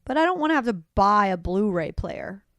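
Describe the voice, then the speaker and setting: Podcast co-host, young woman, medium pitch, excitable and rambling; dry close recording. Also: moderate pace, no room sound. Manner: animated, rambling, bursts of excitement. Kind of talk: casual chat.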